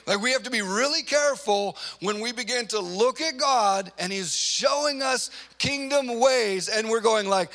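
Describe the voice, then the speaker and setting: Brief: a high-voiced male preacher, lively storyteller acting out quotes. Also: normal speed. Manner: animated storytelling, acts out quotes. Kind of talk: conversational sermon.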